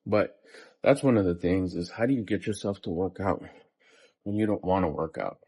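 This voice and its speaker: A man in his fifties, vlogging a day in his life, delivers a casual, profane pep talk between workout sets. His voice sits low and is a little mellow and husky, moving at a moderate pace. He comes across blunt and motivating.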